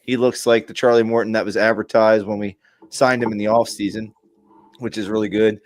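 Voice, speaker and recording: Low-voiced easygoing dad talking sports. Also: male voice, flat delivery, fairly quick, no echo. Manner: easygoing, upbeat. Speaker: podcast co-host. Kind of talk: casual sports chat.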